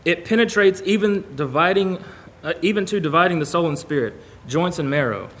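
Man preaching in a slightly high voice. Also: lively intonation, brisk, a bit bright. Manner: conversational, reads scripture aloud. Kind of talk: sermon to a congregation. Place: church.

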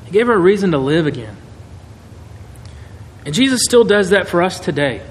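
A man preaching a sermon in a conversational, animated way, acting out quotes. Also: high-pitched, moderate pace. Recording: echoey hall, faint noise.

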